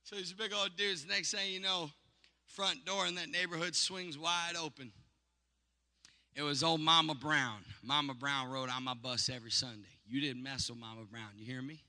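A man preaching a sermon, telling stories and calling for response, building to shouts. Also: on the high side, moderate pace, gravelly, in a large hall. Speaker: pastor.

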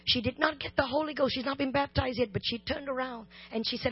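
A woman preaching a sermon, chatting and joking before rising into loud, slow shouted lines. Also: high voice, slight background noise. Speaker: guest preacher. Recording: slightly dull, dry sound.

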